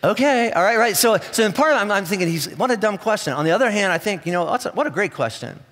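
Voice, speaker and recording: A male pastor delivers a sermon in a high, bright voice. He tells the story with humor and jumps into quick acted-out voices. A long reverb from the large church hall hangs behind every word. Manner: animated storytelling with playful asides and acted-out voices.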